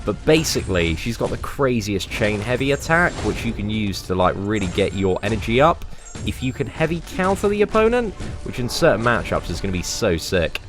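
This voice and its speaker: A young man giving casual, animated commentary on a game live stream, full of slang and talking to his viewers as mates. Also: lowish voice, a little fast, over music. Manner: animated and chatty, heavy slang, calls viewers mate and lads.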